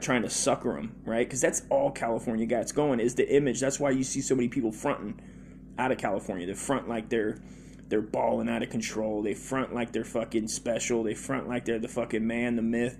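A man's voice: mid-range voice, darkish tone, slight background noise. A man hosting a comedy podcast, rambling through a profane monologue full of fillers and restarts.

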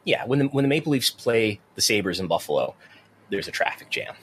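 A man's voice: mid-range voice, sing-song, fairly quick, a little hiss or hum. A man co-hosting a casual wrestling news talk show, rambling with frequent restarts. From near the US–Canada border. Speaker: podcast co-host.

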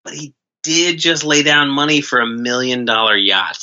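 A man's voice: medium pitch, expressive, normal speed, pushed and bright, lo-fi sound. A man co-hosting a comedy podcast, sardonic and crude in casual banter. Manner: crude, sardonic, doing mock voices. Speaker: podcast co-host.

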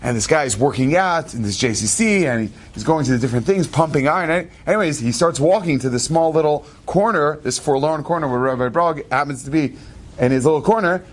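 A man telling an inspirational story in an animated, quick way, with asides and laughs. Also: fairly high pitch. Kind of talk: storytelling talk.

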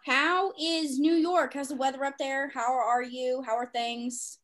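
A woman's voice: sits high, fairly even intonation, a little slow. A young woman hosting a podcast in casual chat, laughing often and using casual slang. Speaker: podcast host.

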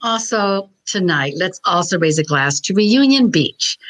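A woman's voice: fairly low pitch, expressive, measured pace, rough recording. A woman co-host of a book show, speaking with gratitude to the audience. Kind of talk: casual book show chat.

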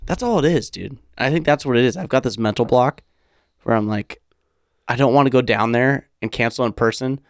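A man's voice: mid-range voice, fairly quick, no echo, studio quality. A man co-hosting a podcast, chatting in casual, profane, joking banter into a microphone. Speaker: podcast co-host.

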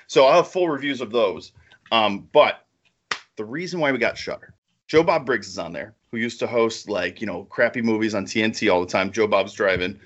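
A man co-hosting a podcast in casual chat, excitable and rambling, laughing often. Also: fairly low pitch, moderate pace, dull audio. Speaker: podcast co-host.

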